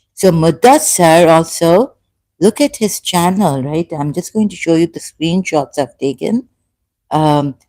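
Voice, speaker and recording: A woman YouTuber giving live-stream commentary on her chat. She speaks haltingly with many fillers and an indignant edge. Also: on the low side, darkish tone.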